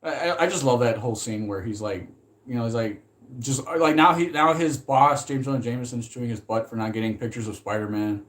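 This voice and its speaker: A man chatting casually about films in a loose, rambling way. He gets animated, swears freely, and laughs often between thoughts. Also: mid-range voice, fairly quick. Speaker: movie commentary vlogger. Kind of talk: casual chat.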